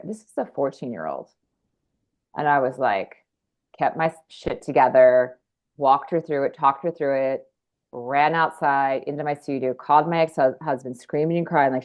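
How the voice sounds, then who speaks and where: A woman's voice: a bass voice, normal speed, darkish tone. A woman in her forties, a podcast guest, telling her story in an earnest, rambling way with frequent restarts. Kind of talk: candid conversational storytelling.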